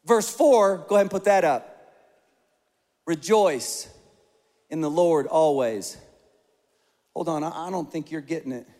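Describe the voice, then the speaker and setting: A man preaching a sermon as pastor, passionate and building to loud repeated calls. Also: a little high, moderate pace. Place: large church hall. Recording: long hall reverb.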